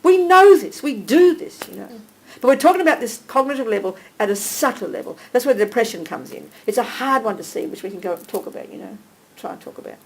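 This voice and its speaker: A woman teaching a small group live, animated and direct, checking in with listeners by name and calling them darling. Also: a little high, fast talker, low-quality recording. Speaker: Buddhist teacher.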